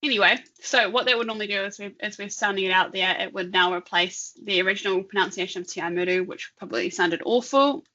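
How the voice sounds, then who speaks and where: A woman co-hosting an online talk, chatting casually and thinking aloud while demonstrating software, laughing often. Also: mid-range voice, fast talker, few pauses, dull audio. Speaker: webinar co-host. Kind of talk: casual live demo chat.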